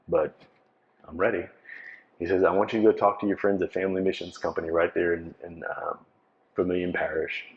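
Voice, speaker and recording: A man, giving a personal testimony to a live audience in a conversational storytelling way and acting out the dialogue. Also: low-pitched. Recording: dull lo-fi recording.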